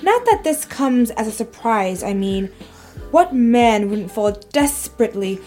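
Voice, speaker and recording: A woman's voice: on the high side, expressive, a little slow, warm tone, faint music behind. Woman voicing a haughty rich teen girl for a comic read-aloud; snobby and self-satisfied. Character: snobby rich teenage schoolgirl, haughty aristocrat. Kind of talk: reading a comic aloud with voices.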